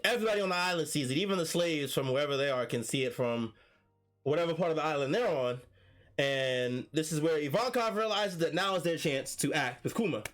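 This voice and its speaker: A man co-hosting a podcast, recapping a chapter in a relaxed casual way and laughing often. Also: on the high side, fairly quick, faint music behind.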